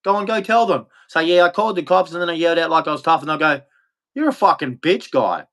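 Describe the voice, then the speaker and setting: Angry Australian man ranting, fairly high voice. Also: very fast, a bit bright. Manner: bitter, profane, repeats himself. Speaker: vlogger.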